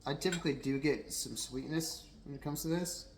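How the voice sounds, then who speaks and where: A man's voice: on the high side, fairly quick, background noise. Chatty man in a roomy space. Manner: chatty and rambling, many fillers and restarts. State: a little tipsy. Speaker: whiskey reviewer. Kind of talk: casual tasting review. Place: at home.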